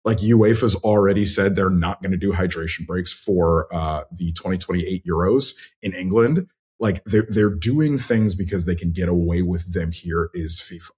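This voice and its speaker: Lower-voiced man ranting animatedly. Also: moderate pace. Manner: animated, exasperated rambling. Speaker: podcast cohost. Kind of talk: casual podcast chat.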